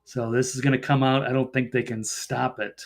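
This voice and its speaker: A man appearing as a guest journalist on a political talk show, answering in an agreeable, measured way. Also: medium pitch, level tone, vocal fry.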